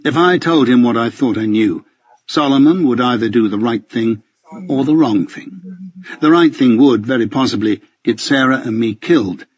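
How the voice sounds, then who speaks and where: A man's voice: mid-range voice, breathy edge, lo-fi sound. A man narrating a first-person audiobook with a dry, wry, understated delivery.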